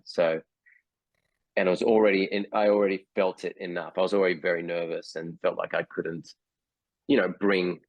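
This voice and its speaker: A man's voice: sits low, gravelly, dry recording, lo-fi sound. A man in his forties with an Australian accent, a guest actor telling stories in a casual video-call interview, hesitant with many fillers.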